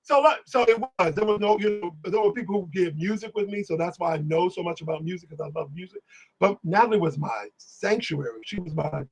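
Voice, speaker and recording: An animated man tells stories on a live stream, sometimes singing and sometimes playing the people he quotes. His voice sits high and has a husky edge. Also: fairly quick, low-quality recording. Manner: animated, exclamatory, sings lyrics and acts out voices. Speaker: guest. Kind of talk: casual storytelling on a live stream.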